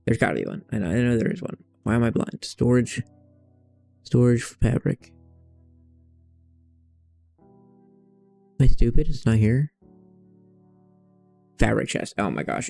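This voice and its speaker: Gravelly young man chatting while gaming. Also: mid-range voice, measured pace, pauses often, a little mellow, faint music behind. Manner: rambling, frank, swears freely. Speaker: streamer. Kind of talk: casual gameplay chat.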